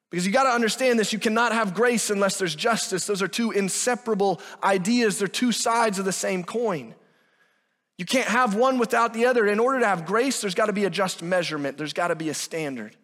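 A man with a high voice preaches a sermon with emphatic delivery, acting out the lines of the people he quotes. His voice carries a long reverb, as if he is speaking in a large hall. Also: fairly bright tone. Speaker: pastor.

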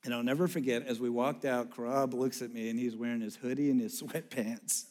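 A man telling a personal story in a sermon, animated and acting out the people he met. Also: mid-range voice, a little fast.

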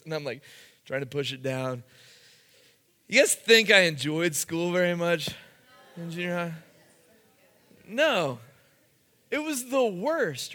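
A man's voice: sits high, pushed and bright, big-room sound. A man preaching a youth sermon, telling a funny school story and acting out the quotes. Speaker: youth pastor.

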